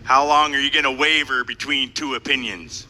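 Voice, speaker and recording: A man playing a bold prophet in a live church skit, repeating lines loudly and firmly in a large hall with long echo. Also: mid-range voice, steady tone, moderate pace, slight background noise. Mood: challenging. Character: bold old male prophet, defiant and mocking.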